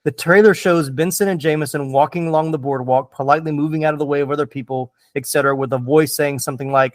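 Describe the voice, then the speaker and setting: A man hosting a movie podcast in an easy, enthusiastic way, voice a touch higher than most men. He talks loosely with lots of fillers, recorded dry and close. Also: steady tone, quick pace, few pauses, dry recording. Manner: enthusiastic, chatty, many fillers. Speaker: podcast host. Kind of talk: casual movie podcast chat.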